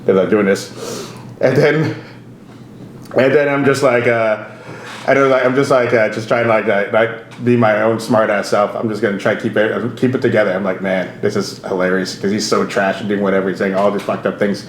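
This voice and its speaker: A man's voice: on the low side, steady tone, brisk. A man hosting a casual podcast as a comedian, telling stories in a rambling way, laughing often and acting out the people he quotes. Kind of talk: casual storytelling chat. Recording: roomy echo with faint ambience.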